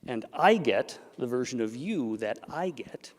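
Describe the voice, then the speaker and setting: A man giving a symposium talk as a therapist, animated and acting out the voices he quotes. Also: mid-range voice, unhurried. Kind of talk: symposium presentation. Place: event hall. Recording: long reverb of a large hall.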